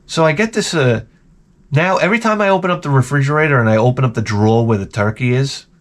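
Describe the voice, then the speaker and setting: A man hosting his channel, telling comedic stories in an animated, profane, exaggerated way. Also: mid-range voice, fast. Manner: animated, profane, exaggerated, jumps into quoted voices. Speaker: channel host. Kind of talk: casual comedic storytelling rant.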